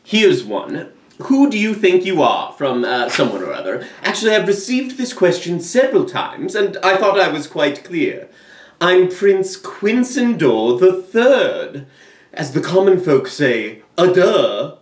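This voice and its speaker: A man's voice: fairly high pitch, very animated, moderate pace. A man playing a vain, aloof young prince who speaks in a grand, formal way. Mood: haughty. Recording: echoey room, mic far off.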